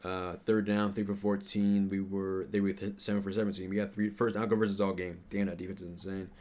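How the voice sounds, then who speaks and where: A man with a fairly low voice runs through game stats in loose, rambling fan commentary. He stumbles over names and fills gaps with ums, then flares into loud, profane trash talk. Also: little pitch movement, a little fast. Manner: fillers and self-corrections while reading stats. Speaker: sports fan channel host. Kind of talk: casual stat-reading reaction commentary.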